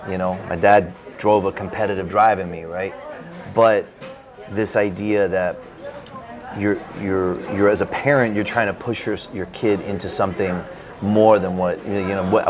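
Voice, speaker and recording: Speaking at a moderate pace over crowd noise, the author relates a casual personal story to an interviewer at a bookstore event. His voice sits fairly low, and he stays animated and relaxed, stacking one "like" after another.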